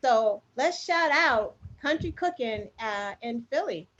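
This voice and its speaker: A woman co-host chatting casually, retelling a story in an animated, filler-heavy way. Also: fairly high pitch, slow pace. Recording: muffled lo-fi audio.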